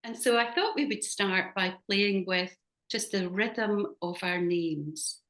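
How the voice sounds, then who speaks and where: A woman's voice: medium pitch, slow, a bit bright. Scottish woman leading a workshop. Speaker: workshop facilitator. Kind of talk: leading a group exercise on a video call.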